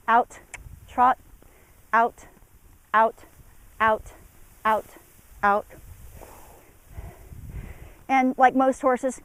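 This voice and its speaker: A woman's voice: medium pitch, slow, long pauses, rough recording. Woman trainer calling commands to a horse. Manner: calls out commands to a horse between explanations. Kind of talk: outdoor instructional demonstration. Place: outdoor arena.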